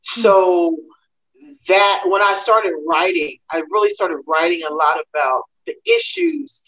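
A woman comedian talking through a panel discussion, telling her story in quick animated bursts. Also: on the low side, highs cut off.

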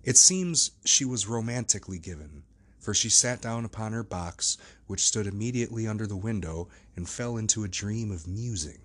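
Low, husky male audiobook narrator. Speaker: audiobook reader. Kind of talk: scripted narration.

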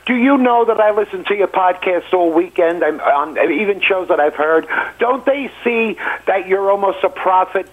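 A New caller with a high-pitched voice talks over a tinny phone line. He rambles with excited emphasis and piles on his points. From New York. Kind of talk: call-in conversation.

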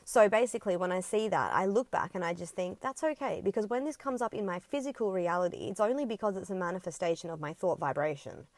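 A woman's voice: mid-range voice, expressive, fast, few pauses, dry recording. A woman talking in a casual, reflective monologue, earnest and rambling, with frequent ums and casual swearing. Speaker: vlogger.

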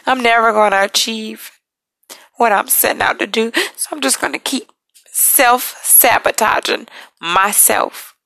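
A woman hosting a podcast, talking about personal struggles in an emotional, halting, apologetic way, and she is tired. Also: fairly high pitch, gravelly, sharp tone, no room sound. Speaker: podcast host. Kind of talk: personal confessional talk.

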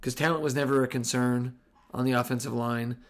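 A man hosting a casual sports podcast, talking in a sarcastic, profane and excitable way. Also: mid-range voice, fairly quick. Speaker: podcast host.

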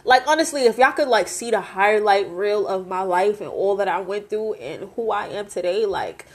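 A woman in her late twenties hosts her own podcast and speaks candidly about her life. Her talk is blunt and heavily profane but heartfelt. Her voice sits at an ordinary middle pitch for a woman. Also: animated, moderate pace, few pauses, darkish tone. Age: 20s. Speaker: podcast host.

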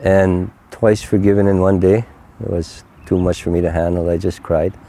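An older man, an interview guest, tells his own faith testimony in an earnest, heartfelt, unhurried way. His low voice is flat in delivery but warm in tone.

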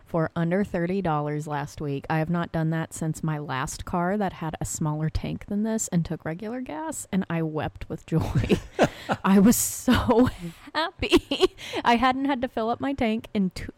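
A woman's voice: lowish voice, unhurried, a little mellow, no echo. A woman co-hosting a casual home podcast, chatty and giggly, rambling through everyday stories. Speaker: podcast co-host. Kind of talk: casual chat.

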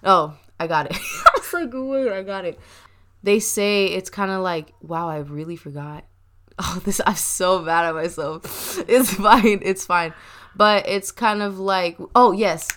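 A young woman's bright, crisp voice sits a little low in pitch as she hosts a loose, talkative chat. She laughs easily and keeps addressing listeners as y'all. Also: unhurried. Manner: chatty, laughing often, says y'all. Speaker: podcast host. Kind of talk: casual chat.

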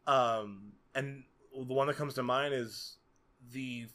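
A man in casual podcast chat who rambles and stays animated. His voice sits at an ordinary middle pitch, and he piles up fillers as he thinks aloud. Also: slow. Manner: animated, rambling, many fillers like "you know". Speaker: podcast co-host. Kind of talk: casual film discussion.

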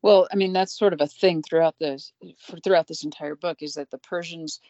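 A woman's voice: low voice, fairly even intonation, fairly quick, mellow, no room sound, lo-fi sound. A woman in a casual Bible study discussion, explaining points with confidence.

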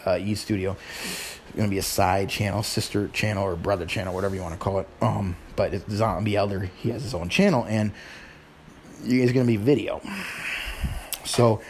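A man's voice: on the low side, fairly even intonation, normal speed, darkish tone, a little hiss or hum. A middle-aged man hosting his show in casual chat, rambling informally with sighs and restarts. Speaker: podcast host.

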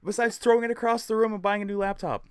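A man's voice: high-pitched, fairly even intonation, fast, smooth, no echo. Giggly man on a dry mic. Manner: giggly, laughs along, teasing. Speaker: co-host. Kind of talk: casual chat.

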